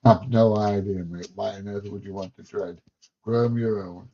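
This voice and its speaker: Streaming from his home in England, this male host reads out viewer comments in a casual, blunt way, cracking jokes and swearing a little. He speaks at normal speed in a fairly low, dark voice that stays steady. Sound quality is dull, lo-fi stream audio.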